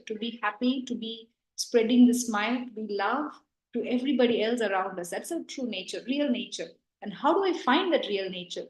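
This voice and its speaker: A woman teaching a live online breathing class, counting breaths and coaching participants, then talking calmly about breath and emotion. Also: a little high, reverberant, low-quality recording. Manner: counting aloud and coaxing participants with bursts of energetic breath sounds; calm, reflective talk about breath and emotion. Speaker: yoga and breathing instructor.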